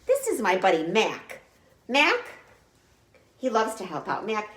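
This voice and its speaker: A woman teaching an online Sunday school lesson, speaking gently and simply to young children, recorded on a home camera. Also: medium pitch, wildly swooping pitch, measured pace. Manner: gentle, encouraging, talks simply to young kids. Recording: roomy echo.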